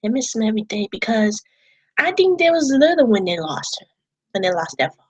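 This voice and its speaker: A woman's voice: a little high, very animated, brisk, husky, low-quality recording. A woman talking casually to camera about wrestling, rambling and repeating herself, emotional and swearing at times. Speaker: wrestling vlogger. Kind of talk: casual vlog talk.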